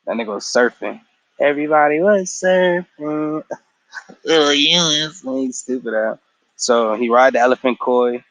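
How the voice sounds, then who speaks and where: A man's voice: medium pitch, unhurried, a bit bright, no echo, low-quality recording. A young man casually recapping a cartoon episode in a slangy, profane way, acting out the characters' lines. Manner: slangy, profane, acts out quotes. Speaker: show recap host.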